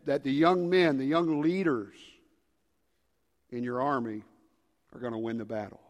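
A preacher voicing a stern male prophet in a slow, low, solemn tone. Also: steady tone, natural voice. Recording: long reverb of a large hall.

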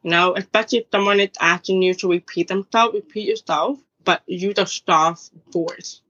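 Bright-voiced woman giving earnest advice. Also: fairly low pitch, moderate pace. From Jamaican Caribbean family background. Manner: earnest, advising, animated retelling with laughs. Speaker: guest, author and podcaster. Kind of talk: conversational interview answers. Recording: dull lo-fi audio.

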